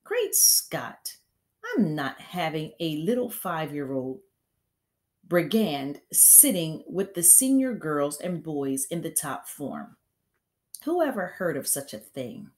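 A woman voicing a huge, furious headmistress who barks and booms her scorn, read aloud from a storybook. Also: sing-song, takes it slowly, heavily acted. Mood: scornful, bellowing. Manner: loud barking, booming delivery.

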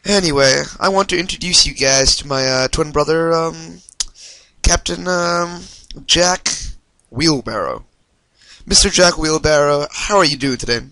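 A man hosting a let's-play video, reacting excitably and swearing when things go wrong. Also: medium pitch, normal speed, no echo. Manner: excitable, yelps and swears at mishaps. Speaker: gaming video host.

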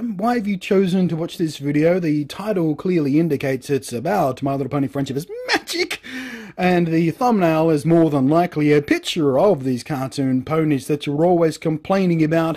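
A man vlogger rants to camera in a fairly high voice. He is sarcastic and emphatic, stretching out key words for effect. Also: a little mellow. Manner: sarcastic, emphatic, drawn-out stresses. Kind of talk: ranting commentary.

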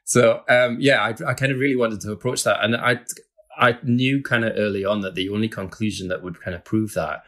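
A man's voice: on the low side, steady tone, fairly quick, fairly bright tone. A man, a guest author, chatting casually and explaining things with frequent hedges and laughs. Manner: chatty, hedging with "kind of", laughs often.

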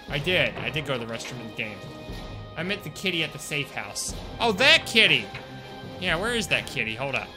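A young man streaming a video game, chatting casually and joking with his viewers. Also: mid-range voice. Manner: chatty, jokey, talks to chat. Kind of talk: casual gameplay commentary.

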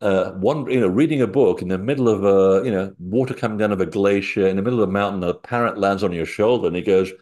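A man's voice: on the low side, fast, few pauses, a little mellow. A man being interviewed, telling rambling, anecdotal stories with many fillers. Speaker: interview guest, author. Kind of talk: casual chat.

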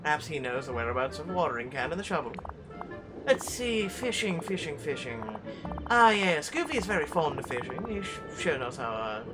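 A man's voice: fairly high pitch, expressive, a little fast, pitched above the performer's own voice, natural voice. A man voicing a solemn old male wizard, reading game dialogue aloud in a raised, theatrical voice. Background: game music.

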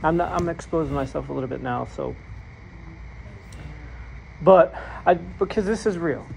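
A man preaching his own testimony, earnest and candid, his voice a little raised in pitch and rough with fry. He keeps restarting phrases and laughs at himself. There is a faint hum of room ambience behind him. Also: moderate pace, darkish tone. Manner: self-deprecating, laughs at his own story. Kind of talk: personal testimony sermon.

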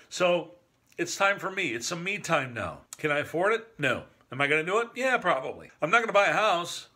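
A man's voice: on the high side, sing-song, normal speed, bright, forceful tone, breathy edge. A man in his sixties, from northern Michigan, talking casually to the camera in a joking, rambling way and chuckling at his own jokes. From northern Michigan, USA. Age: 60s. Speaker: vlogger.

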